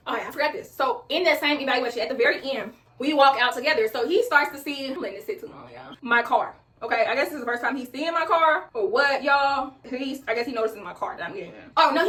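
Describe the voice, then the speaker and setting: A woman's voice: on the high side, a bit bright, far from the mic. A young woman, chatting casually as she tells a workplace story while doing her makeup, calling her viewers y'all and bro. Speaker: vlogger telling a workplace story.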